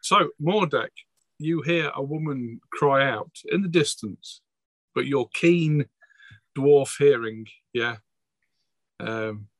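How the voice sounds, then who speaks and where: A man's voice: mid-range voice, slow, no room sound. Man running a tabletop game. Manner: casual, hesitant, full of ums. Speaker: game master. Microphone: home mic on a voice call.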